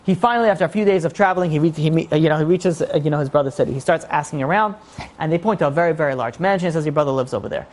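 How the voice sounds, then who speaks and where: A man giving a sermon as a rabbi, telling a story in an animated way and acting out the voices of its characters. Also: a little high, racing.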